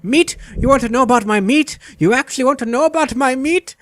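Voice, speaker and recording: Man doing a game meat seller, groveling, squeaky high, loud, gushing. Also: fairly quick, no room sound, clean studio sound. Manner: fawning, gushing alliteration, squealing delight. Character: groveling, overeager male meat merchant.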